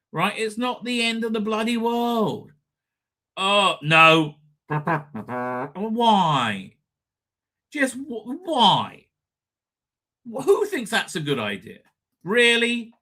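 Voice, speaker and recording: A man's voice: high voice, very animated, drawn-out words, long pauses, pushed and bright. A man hosting a live stream, ranting sarcastically and crudely at video clips and swearing freely.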